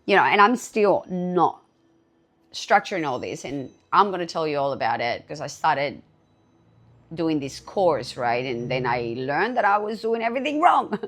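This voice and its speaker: A woman's voice: low voice, lively intonation, moderate pace, a bit bright. A woman hosting her own podcast, talking casually and candidly, swearing freely and with animation. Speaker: podcast host. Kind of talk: casual solo podcast talk.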